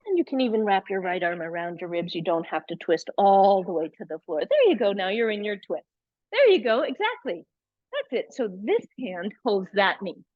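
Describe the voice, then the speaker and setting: A woman's voice: mid-range voice, sing-song, moderate pace, no echo, dull audio. A woman leading a live yoga class, chatty and encouraging, with playful asides. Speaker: yoga teacher.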